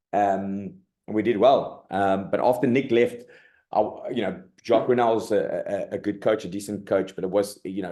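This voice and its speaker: A middle-aged rugby coach from South Africa, chatting in a loose, colloquial way and peppering his stories with "mate" and "like". His voice sits low and sounds mellow and dark. He talks with animated energy. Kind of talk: casual interview storytelling.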